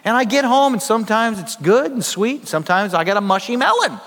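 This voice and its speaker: A man's voice: sits high, big pitch swings, a little fast, fairly bright tone, long reverb tail. A man preaching a sermon as pastor, in a conversational style with storytelling asides.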